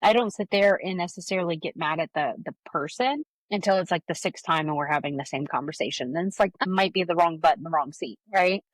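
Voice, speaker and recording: A woman's voice: on the low side, quick pace, few pauses, no room sound. Wry, candid woman podcast co-host. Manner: reflective, candid, wry asides. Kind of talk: casual business podcast chat.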